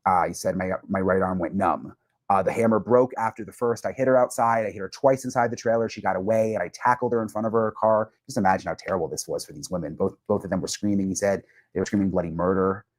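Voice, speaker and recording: Guy reporter going over a trial, low voice, lots of ums, dry close sound. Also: darkish tone, no echo. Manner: somber, with many fillers. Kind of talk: recounting court testimony.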